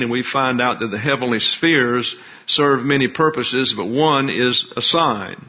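A male pastor delivering an expository sermon, explaining scripture and its grammar in a deliberate, teacherly way. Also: medium pitch. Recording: dull lo-fi recording.

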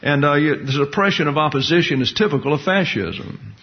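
A man's voice: on the high side, animated, brisk. Folksy preaching man, dull lo-fi recording. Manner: folksy, jokey asides with acted-out quotes. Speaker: pastor-teacher. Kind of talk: sermon. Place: church hall with a congregation.

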